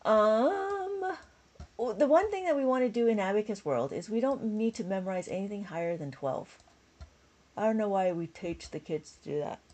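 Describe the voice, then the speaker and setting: A woman's voice: mid-range voice, expressive, normal speed, a little mellow. Tired, chatty woman teaching abacus. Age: adult with a school-age child. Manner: chatty, laughs often, counts steps aloud. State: tired, yawning. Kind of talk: live-stream math lesson, chatting with viewers.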